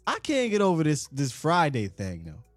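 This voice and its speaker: A man's voice: on the high side, no room sound, soft background music. A man hosting a live fan call-in show, chatting casually and talkatively with callers. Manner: animated, talkative, quick asides.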